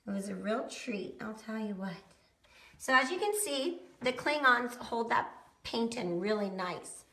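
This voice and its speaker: A woman's voice: mid-range voice, fairly bright tone. Chatty woman teaching painting, roomy sound. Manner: chatty, folksy, talks to viewers while painting. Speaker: DIY painting instructor. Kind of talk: casual how-to demonstration. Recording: roomy echo.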